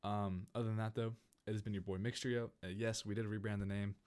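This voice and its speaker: A young man from California telling a casual storytime over gameplay, rambling and animated, with many restarts. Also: fairly low pitch, fairly quick. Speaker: gaming channel host.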